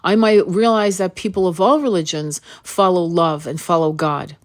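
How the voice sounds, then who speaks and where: An earnest woman hosts an impassioned spoken monologue in a lowish voice. She pleads with her listeners and fires direct questions at them, stumbling and repeating words as she pushes on. A dry cough keeps catching her throat. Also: steady tone, normal speed, few pauses. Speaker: spiritual reader and channel host.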